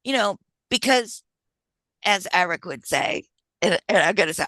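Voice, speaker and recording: Bright-voiced woman presenting a workshop. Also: mid-range voice, expressive, moderate pace, pauses often, no room sound. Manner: conversational, keeps checking in with "right?". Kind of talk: job-search workshop presentation.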